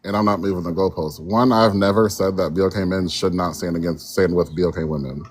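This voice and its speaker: A man arguing in a measured, point-by-point way as a guest in a live panel debate. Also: sits low, fairly even intonation, a little hiss or hum.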